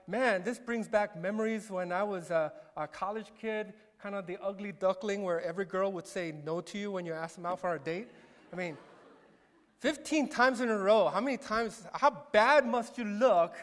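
High-voiced man preaching in a hall. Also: moderate pace, fairly bright tone. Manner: self-deprecating, conversational. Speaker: pastor. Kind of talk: sermon with personal story. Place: church sanctuary. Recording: echoey hall reverb.

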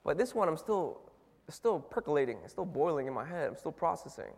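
A man's voice: fairly high pitch, big pitch swings, a little fast, creaky, a little mellow. A man giving a sermon in a loose, conversational way, asking his listeners question after question, with many fillers and restarts. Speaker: preacher. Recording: long hall reverb.

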